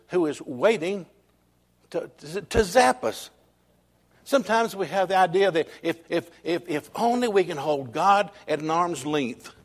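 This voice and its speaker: A man preaching a sermon. His voice sits a little high, and he tells homespun stories with slow, weighty emphasis on the key lines. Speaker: pastor.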